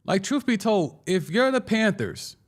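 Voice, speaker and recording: Excitable man riffing on football. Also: high voice, a little slow. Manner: excitable, with frequent restarts and stammers. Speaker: sports show host. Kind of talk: casual sports commentary, reading viewer comments. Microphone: studio microphone.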